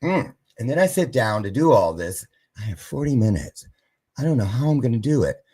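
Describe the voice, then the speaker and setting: A man on his own live-stream show rambles through a personal anecdote, his pitch leaping around as he performs each character's lines. His husky, somewhat rough voice has a dark tone, and he sounds very animated, speaking fairly quickly.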